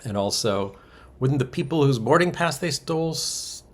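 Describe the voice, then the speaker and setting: A man's voice: medium pitch, lively intonation, moderate pace. A man co-hosting a podcast, casually recapping soap opera episodes with wry asides and chuckles. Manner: wry, chuckles through summaries, many ums and uhs.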